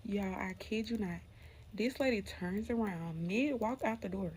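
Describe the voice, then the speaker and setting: Over slight background hiss, a young woman from Alabama talks a little slowly in a mid-range voice, recounting a true spooky story for her channel's viewers. Her manner is chatty; she addresses them as y'all and drops to a whisper for the frightening bits.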